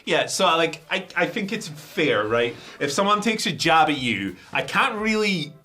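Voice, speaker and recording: A man's voice: a little high, big pitch swings, a little slow, bright, forceful tone. A man co-hosting a wrestling news show, chatting casually and rambling with jokes.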